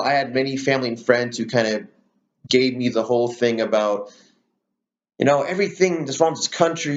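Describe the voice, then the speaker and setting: A man's voice: mid-range voice, lo-fi sound. A man hosting his own political commentary channel, ranting heatedly with plenty of swearing and fillers. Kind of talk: solo rant to camera.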